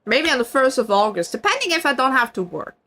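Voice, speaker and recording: A woman's voice: sits high, sing-song, fast, sharp tone, slight background noise. A young adult woman from Switzerland with a Swiss German accent, chatting casually on stream, laughing often and swearing freely. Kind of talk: casual chat.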